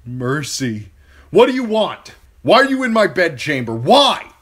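A man's voice: fairly low pitch, lively intonation, slow, a bit bright, slightly rough, exaggerated voice. A man voicing a haunted, guilt-ridden young prince who cries out in panicked sobs.

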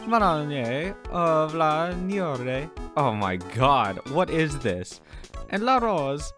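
A man's voice: fairly high pitch, very animated, takes it slowly, music in the background, voice pushed up. A man voicing a flamboyant male French restaurant owner in a put-on mock French accent, gushing and theatrical. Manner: theatrical, gushing, sing-song.

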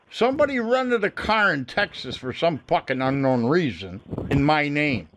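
Lively, mocking prank caller man. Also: fairly high pitch, normal speed, few pauses, a little hiss or hum. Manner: taunting, profane, mocking. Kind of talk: prank phone call.

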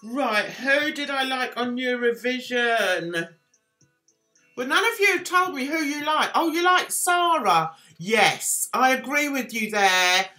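A woman's voice: high voice, lively intonation, slow pace, sharp tone, faint music behind. A woman hosting a casual live stream, rambling and self-deprecating as she chats with viewers. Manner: chatty, rambling, self-deprecating, reads chat aloud. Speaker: livestream host.

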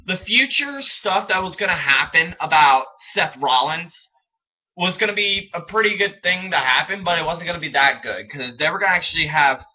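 Excitable young man rambling, lo-fi sound. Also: fairly high pitch, normal speed. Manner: rambling, excitable, stumbles over words. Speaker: wrestling fan vlogger. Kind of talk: casual solo commentary. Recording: dull lo-fi home recording.

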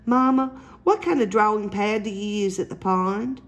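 An excitable little boy bursts with questions in a high, bouncy voice, as a woman reads him aloud from a picture book. He sounds eager and curious. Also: normal speed, natural voice.

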